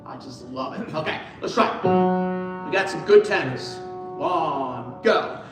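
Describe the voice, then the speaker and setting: A man's voice: fairly high pitch, lively intonation, unhurried. A man working as a choir director, coaching singers in rehearsal in an upbeat, encouraging way and singing lines to show them. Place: large echoey rehearsal room. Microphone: distant room mic. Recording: echoey room from far off, with piano. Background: piano and choir.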